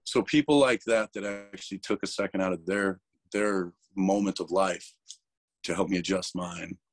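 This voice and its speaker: Male interview guest, low voice, dry close sound, candid and emotional, swears a lot. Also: fairly even intonation, moderate pace, no echo. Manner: emotional, swearing, restarts words. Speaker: interview guest, metal vocalist.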